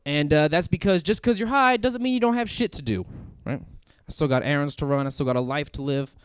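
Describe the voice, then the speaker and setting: A man's voice: fairly high pitch, brisk, clean tone, no room sound, studio quality. A young man from Kansas City doing a crude stand-up comedy set on stage before a live audience. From Kansas City, USA. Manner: crude, animated storytelling.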